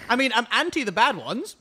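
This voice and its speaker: A man's voice: extremely high pitch, sing-song, normal speed, sharp tone. A young man from northern England with a Yorkshire accent, chatting casually while gaming live, joking and self-deprecating with lots of restarts. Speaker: streamer.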